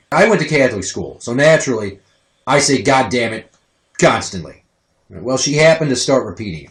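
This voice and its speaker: A man in his thirties, a podcast host, telling profane, animated stories about his kids in casual chat. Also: medium pitch. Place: home basement. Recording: roomy echo.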